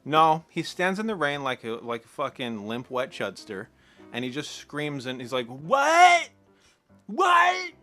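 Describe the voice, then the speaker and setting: A man's voice: medium pitch, moderate pace, pushed and bright, soft background music. A man ranting through a sarcastic, profane film commentary, exasperated and incredulous. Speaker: movie commentator.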